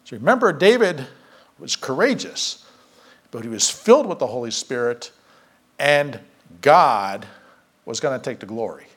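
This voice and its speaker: A man's voice: mid-range voice, a little slow, pauses often, husky. A man preaching a casual Bible story sermon, acting out the characters' lines as he tells it. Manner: animated, acts out characters' lines.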